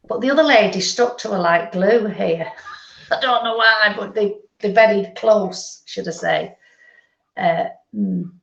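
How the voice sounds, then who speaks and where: A woman working as a medium, gently relaying messages in a meandering way during a live spiritual reading. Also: mid-range voice. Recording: roomy, dull lo-fi sound.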